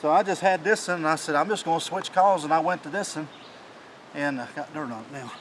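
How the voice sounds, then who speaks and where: A man, excitedly telling the story of a hunt in a casual chat outdoors in the mountain woods, rambling and restarting his sentences. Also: on the high side, quick pace, background noise. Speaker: hunting channel host.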